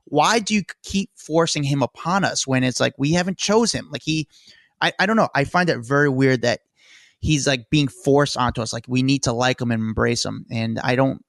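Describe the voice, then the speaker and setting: A man voices his opinions in casual chat as a co-host, sounding exasperated. His pitch is ordinary and the recording is dry and close. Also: moderate pace, fairly bright tone, dry recording.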